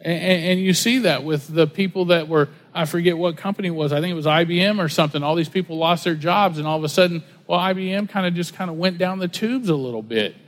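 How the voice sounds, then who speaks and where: A man's voice: on the high side, fast talker, few pauses. A man preaching a sermon, conversational and full of rhetorical questions and everyday stories. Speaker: pastor. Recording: long hall reverb.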